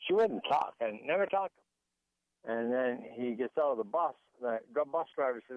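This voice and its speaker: A man's voice: mid-range voice, normal speed, no echo. Male guest author on a phone line, rambling anecdotal storyteller, very dry sound. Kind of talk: storytelling interview.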